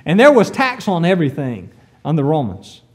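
A male preacher telling a story in a sermon, with an animated manner and rhetorical questions. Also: on the high side, normal speed.

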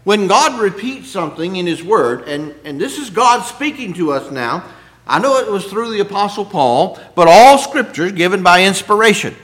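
A man's voice: high-pitched, fairly bright tone. A man preaching a sermon, rising to emphatic scripture quotes and asking the congregation questions.

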